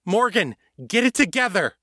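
A man's voice: mid-range voice, expressive, moderate pace, a bit bright, dry recording, close to an everyday voice. A tough, no-nonsense female investigator, as a male narrator puts her on for an audiobook. She barks short, commanding orders in a voice lifted a little above his own. The recording is close and dry. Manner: curt, commanding.

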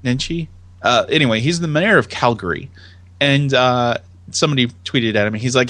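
A man co-hosting a casual chat podcast, animated and laughing often as he reads tweets aloud in voices. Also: mid-range voice, moderate pace, no room sound. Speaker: podcast co-host.

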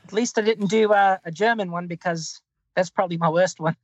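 A man's voice: high-pitched, a little fast, dry recording, dull audio. A man playing a tabletop game, telling a story in character with a put-on accent, rambling with many fillers. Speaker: player.

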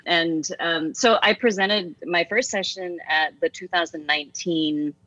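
A woman's voice: lowish voice, a little slow, sharp tone, dry recording. A woman in her forties, a teacher and author, talking through her own story in an earnest, reflective interview. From United States. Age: 40s. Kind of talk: casual reflective interview talk. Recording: slightly dull, dry recording.

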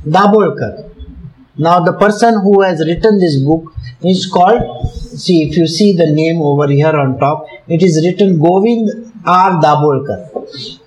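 This man speaks unhurriedly with a slightly high voice and a darkish tone, captured on a rough recording. With his Indian English accent, he narrates a devotional story as a teacher would, patiently clarifying its terms and frequently chuckling.

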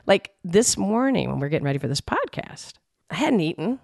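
A woman co-hosting a podcast, telling a personal story in a lively, animated way and acting out her own frustration. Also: lowish voice, brisk, vocal fry, no echo, studio quality. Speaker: podcast co-host. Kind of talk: casual podcast conversation.

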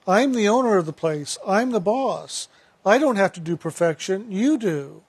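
A man's voice: high voice, lively intonation, normal speed, slightly rough, no room sound, full character voice. A man voicing his former boss, a demanding business owner who is proud and frustrated, speaking in blunt, exasperated questions.

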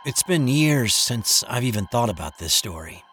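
A man reading a first-person ghost story aloud in an expressive, dramatic way. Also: medium pitch, moderate pace, background noise.

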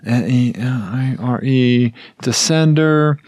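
A man co-hosting a podcast aftershow, rambling through casual chat full of fillers and excited tangents. His voice sits at a middling pitch and sounds dry and close on the microphone. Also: slow pace, no echo. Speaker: podcast co-host.

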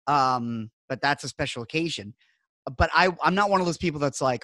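A man's voice: mid-range voice, animated, a little fast, pushed and bright, no room sound, clean studio sound. A middle-aged man hosting a podcast, telling rambling wry stories in casual chat. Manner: rambling, wry storytelling with filler words. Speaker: podcast host.

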